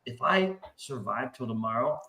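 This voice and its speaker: Over crowd noise, a man with a medium-pitched voice tells rambling, foul-mouthed stories at normal speed, putting on voices for the people he quotes. The casual, animated chat comes through a remote stream call mic with roomy echo.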